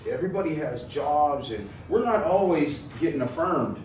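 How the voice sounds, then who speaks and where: A man's voice: a little high, animated, moderate pace. A man preaching a casual, jokey sermon, telling stories and calling on his congregation to answer back. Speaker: pastor. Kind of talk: conversational sermon. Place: church sanctuary. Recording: roomy, distant mic with noise.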